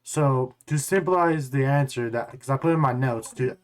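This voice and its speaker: A man tells a long story straight to camera in a loose, rambling way. He keeps doubling back on his words and curses offhandedly. His voice sits at an ordinary middle pitch. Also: moderate pace. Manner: rambling, repeats words and restarts; blunt, swears casually. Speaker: gaming YouTuber.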